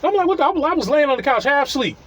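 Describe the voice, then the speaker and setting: A man's voice: very high voice, expressive, rapid-fire, fairly bright tone. A man, a landlord, telling a funny story about his tenants in a casual style. He laughs often and keeps acting out what people said. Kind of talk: comedic storytelling.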